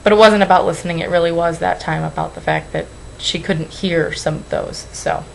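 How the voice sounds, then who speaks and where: A young woman talks into her webcam at home, her voice a little low, rambling and apologizing as her nerves show. She sounds close to tears. A faint hiss sits under the webcam audio. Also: fairly even intonation, brisk, vocal fry, rough recording. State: tearful. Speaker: weight-loss vlogger. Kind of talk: emotional webcam vlog.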